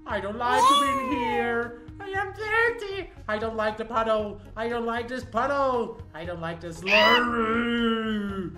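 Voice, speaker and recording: A woman's voice: a little high, expressive, a little slow, few pauses. A woman giving playful game commentary in broken English, squealing and meowing between lines. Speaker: gameplay video host. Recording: echoey room with loud game music. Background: loud game music.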